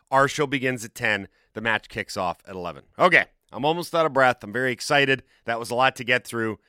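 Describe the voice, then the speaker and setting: Radio host guy, quick excited rundown, bright punchy voice, super dry studio mic. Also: mid-range voice, clean tone, no echo. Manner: brisk, upbeat run through the schedule.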